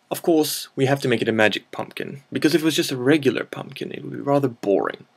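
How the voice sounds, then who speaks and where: A man's voice: medium pitch, fast talker, vocal fry, hardly any pauses, slightly rough. A man hosting a storytelling video, improvising a silly tale in a playful made-up mixed accent and rambling along with self-mocking asides.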